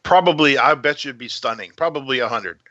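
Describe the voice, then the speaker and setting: A man's voice: medium pitch, fast, sharp tone, no echo. A man hosting a podcast interview, telling anecdotes in an enthusiastic, rambling way. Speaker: podcast host. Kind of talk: casual interview chat. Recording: dry, muffled lo-fi sound.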